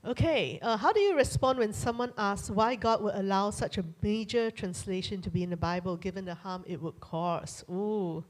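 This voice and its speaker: A woman's voice: medium pitch, moderate pace, hardly any pauses, low-quality recording. Woman moderating a church Q&A. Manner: warm, thankful, chatty with fillers. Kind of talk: hosting a Q&A. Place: church event.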